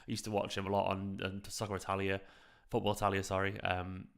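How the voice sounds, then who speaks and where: A man in his thirties hosting a late-night live stream from home into a microphone, talking in a hushed, half-whispered way, with a raspy voice. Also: sits low, monotone, quick pace. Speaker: fan channel host streaming a match watchalong. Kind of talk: casual live chat with viewers.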